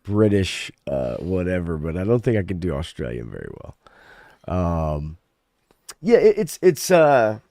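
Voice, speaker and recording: A man's voice: low-pitched, wildly swooping pitch, a little slow, dark tone, no echo, studio quality. A man co-hosting a casual podcast, talking in a loose, ranting way with plenty of swearing. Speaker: podcast co-host. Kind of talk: casual chat.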